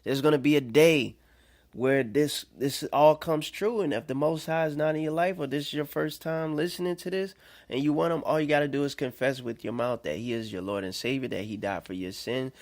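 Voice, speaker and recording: A man giving an informal sermon to listeners, conversational and checking in with them, swinging between rising emphatic stretches and soft, quiet ones. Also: medium pitch, brisk. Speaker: self-made preacher. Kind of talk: informal preaching monologue.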